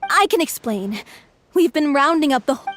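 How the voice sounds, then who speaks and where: A cool, teasing young woman, high voice. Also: normal speed, a little hiss or hum. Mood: brisk. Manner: calm, dry, lightly teasing. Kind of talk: video game voice acting.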